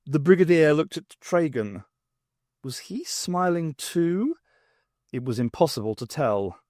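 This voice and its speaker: A man reading a novel aloud in measured, clear storytelling. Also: mid-range voice, darkish tone, no echo, clean studio sound. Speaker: audiobook reader.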